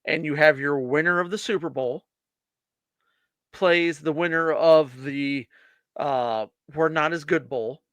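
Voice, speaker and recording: A man co-hosting a laid-back podcast over beers, talking in an emphatic, cursing, riff-heavy way. His voice sits a bit high and sounds bright and forceful, and the sound is dry and close with no room echo. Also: a little slow, clear, resonant tone. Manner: emphatic, profane, riffing on ideas. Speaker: podcast co-host. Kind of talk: casual beer-drinking chat.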